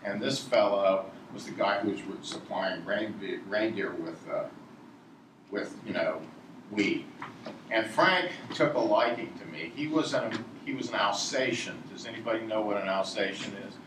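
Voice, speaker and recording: A man's voice: fairly low pitch, moderate pace. A man from Virginia telling a meandering, digressive story to a live audience and chuckling at his own tale. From Virginia, USA. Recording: echoey room, distant mic, noisy.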